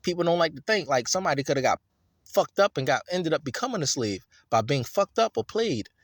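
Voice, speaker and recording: A man's voice: a little high, animated, fairly quick, a bit bright, dry recording, studio quality. A man reading scripture and breaking into an emphatic, profane, repetitive rant about it. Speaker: scripture reader and commentator.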